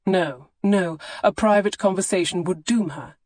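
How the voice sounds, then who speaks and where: A woman's voice: fairly low pitch, measured pace, a little mellow, dry recording. Woman narrating a romance audiobook. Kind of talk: scripted narration.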